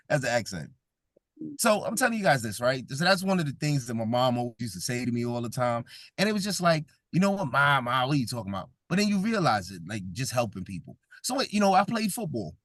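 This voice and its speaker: A man's voice: fairly high pitch, no room sound, studio quality. A man from Brooklyn, New York, giving a comedic motivational talk. He jokes, laughs often and keeps talking with the audience. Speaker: event speaker.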